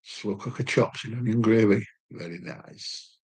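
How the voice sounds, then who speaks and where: A man's voice: fairly low pitch, unhurried, darkish tone, breathy edge. A man co-hosting a casual home live chat about food, chatting and reading out viewer comments. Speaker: cooking channel co-host.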